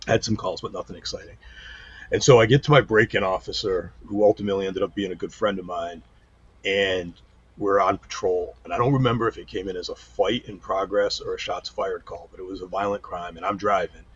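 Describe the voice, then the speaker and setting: A retired police chief appears as a guest in a casual interview, telling stories as an animated narrator who acts out the quotes. The middle-aged man's husky voice sits low and moves fairly quickly, on dull lo-fi audio.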